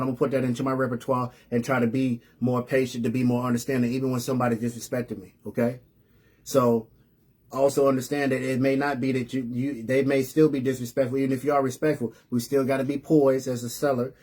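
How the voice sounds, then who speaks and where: A man hosting a live online show, telling a story to his audience in a casual, earnest way, often repeating and restarting words. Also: mid-range voice. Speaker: host of a live reseller news show.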